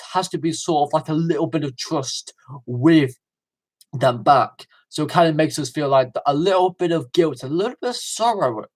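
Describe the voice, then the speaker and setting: A man's voice: fairly high pitch, a little mellow. A man giving a casual livestream review, enthusiastic and rambling, with many fillers and restarts.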